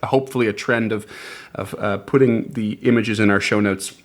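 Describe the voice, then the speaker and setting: A man's voice: lowish voice, fairly even intonation, a little fast. A man from eastern Canada co-hosting a podcast, chatting in an upbeat way and laughing often. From East Coast Canada. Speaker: podcast co-host presenting lore. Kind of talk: casual podcast chat.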